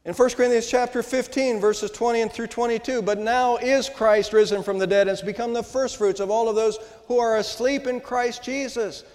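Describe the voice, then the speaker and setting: High-voiced older man preaching in a hall. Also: fairly even intonation, a little mellow. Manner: preaching with emphatic rises and slow stressed words. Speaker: pastor. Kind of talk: Easter sermon. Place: church sanctuary. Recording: long hall reverb.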